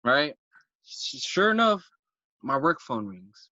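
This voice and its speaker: A man's voice: medium pitch, very animated, slow pace, pauses often, sharp tone, dry recording, highs cut off. A man from San Francisco, a podcast guest telling a story in casual talk, acting out his own lines and swearing freely.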